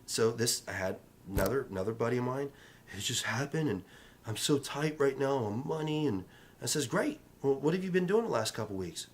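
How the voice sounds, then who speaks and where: A man's voice: medium pitch, lively intonation, fairly quick. A man in real estate speaking in a casual vlog, giving emphatic, repetitive motivational advice in a coaching tone.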